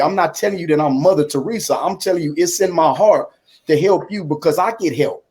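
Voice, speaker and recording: A man's voice: fairly high pitch, brisk, darkish tone. A man in his fifties, a guest talking casually about his life. He acts out conversations and keeps saying "man" as he goes. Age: 50s. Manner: acts out dialogue, drops in "man" a lot. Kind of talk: conversational storytelling. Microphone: computer on a video call.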